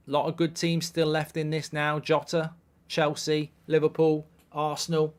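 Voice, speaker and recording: A man's voice: a little high, completely flat delivery, measured pace, clean tone. A man in his thirties hosting a live football watchalong, casually chatting and reading viewer questions aloud in a dry, offhand way. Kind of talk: casual live-stream chat reading comments.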